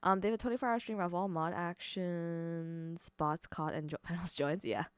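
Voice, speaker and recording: A woman's voice: on the low side, fairly even intonation, smooth, no room sound. A young woman livestreaming in casual chat, rambling, swearing and stumbling over her words. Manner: rambling, swearing, quick self-corrections.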